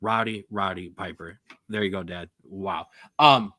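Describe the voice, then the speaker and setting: A young man co-hosting a sports podcast, talking in a rambling, jokey, animated way. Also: sits low, measured pace, no echo, clean studio sound. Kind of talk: casual sports chat.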